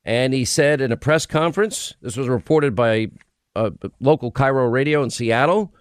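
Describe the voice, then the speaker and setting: A man's voice: mid-range voice, moderate pace, clear, resonant tone, no echo, studio quality. A man hosting a radio talk show, delivering an emphatic, impassioned monologue full of restarts. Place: radio studio. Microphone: studio microphone.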